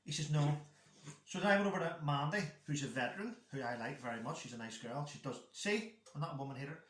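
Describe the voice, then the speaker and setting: Bright-voiced man telling a story. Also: fairly high pitch, fast. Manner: rambling storyteller, acts out quoted dialogue. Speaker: guest, father telling a story. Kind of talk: casual chat. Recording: echoey room.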